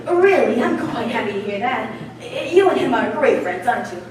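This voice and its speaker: A woman's voice: on the high side, big pitch swings, normal speed, background noise. A teenage girl on a school stage playing a vain, glamorous actress who talks in an affected, theatrical way. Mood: arch. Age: teens. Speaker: student stage actor. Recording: echoey stage from far off.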